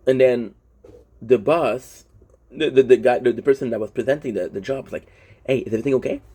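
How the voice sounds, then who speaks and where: Warm and slightly rough, the young man's medium-pitched voice runs at an ordinary speed. A native French speaker, he vents openly to his vlog audience in a rambling, profane monologue, often restarting mid-sentence.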